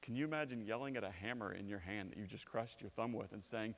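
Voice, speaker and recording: A man in his thirties preaching a sermon in a church, telling stories with lively swings from loud bursts to hushed lines. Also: medium pitch, fast, hardly any pauses. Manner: animated storytelling, shouting quoted lines, dropping to quiet. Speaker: pastor. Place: church sanctuary. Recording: long hall reverb.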